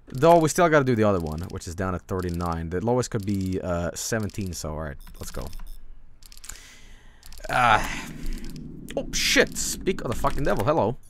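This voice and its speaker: Male streamer, Swedish accent, lively swinging pitch, rambly swearing chat over faint background noise. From Sweden. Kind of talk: casual game commentary.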